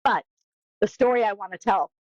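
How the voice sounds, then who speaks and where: A woman from New Jersey, co-hosting a podcast, tells stories in a casual, animated way and acts out what people said. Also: mid-range voice, moderate pace, dry recording. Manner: animated storyteller, acts out quotes. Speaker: podcast co-host. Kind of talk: casual chat. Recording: dull, dry lo-fi sound.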